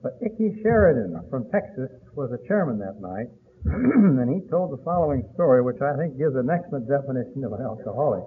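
A man's voice: medium pitch, big pitch swings. Older man telling a story, tinny recording. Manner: folksy, unhurried storyteller who often clears his throat. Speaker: speaker at a recovery meeting. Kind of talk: storytelling talk to an audience. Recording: tinny lo-fi recording with faint hiss.

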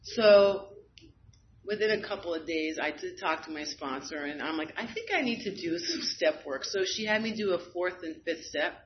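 A woman's voice: on the low side, animated, normal speed, slight background noise. A woman giving a candid, self-deprecating personal testimony at a recovery meeting, often laughing at herself. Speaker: speaker sharing at a recovery meeting. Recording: slightly dull, lo-fi recording.

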